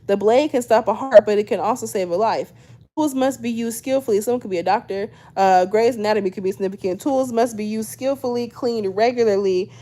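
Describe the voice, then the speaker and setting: A woman's voice: medium pitch, mellow. Chatty young woman doing a tarot reading. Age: 20s. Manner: chatty, checks in with "okay?" constantly; mixes reading guidebook text with loose slangy asides. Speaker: tarot reader. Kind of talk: casual tarot reading to camera.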